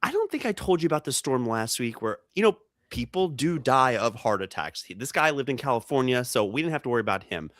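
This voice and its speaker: A man's voice: fast, dry recording. A man co-hosting a comedy podcast, telling stories in casual chat and acting out the people in them. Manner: animated, acts out quoted people with jumps in pitch. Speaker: podcast co-host.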